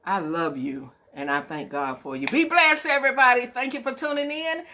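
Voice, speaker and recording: A woman's voice: mid-range voice, fairly even intonation, a little fast, sharp tone, slight background noise. A woman hosting her weekly inspirational show, talking in a preacherly way, calling listeners y'all and acting out her talks with God. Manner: preacherly, calls listeners y'all and baby, acts out dialogues with God. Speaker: host of a weekly inspirational broadcast. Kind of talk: spirited faith talk.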